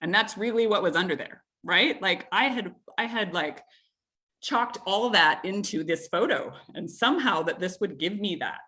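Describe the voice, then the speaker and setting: A woman in her thirties hosting a community group, telling a family story in a chatty, animated way, with frequent laughs and filler words. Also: mid-range voice, moderate pace. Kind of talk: casual storytelling in an online group talk.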